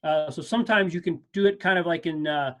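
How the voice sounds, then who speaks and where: A man teaching percussion over a video call, speaking casually and encouragingly. He counts beats aloud and corrects himself as he goes, in a relaxed class tone. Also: on the high side, fairly quick. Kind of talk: online music lesson. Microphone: video call mic.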